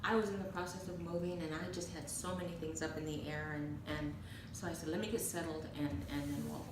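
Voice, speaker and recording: A fast-talking woman with a low-set voice co-hosts a casual chat show, animated and chatty as she tells stories through frequent laughter. The sound is noisy and reverberant, picked up from a distant mic.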